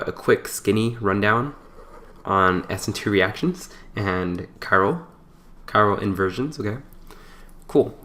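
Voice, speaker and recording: A man giving a casual chemistry lesson, explaining step by step in a relaxed, chatty way with playful asides and small stumbles. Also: fairly low pitch. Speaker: chemistry tutor. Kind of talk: casual whiteboard lecture.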